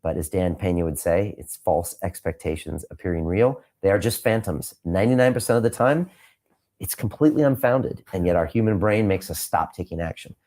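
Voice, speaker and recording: Male podcast host in the hot seat, lowish voice, punchy repetitive emphasis, reflective asides. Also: animated, brisk. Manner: emphatic, repeats phrases for punch; reflective, sometimes quiet and emotional. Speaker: podcast host being interviewed. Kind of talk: candid interview answers.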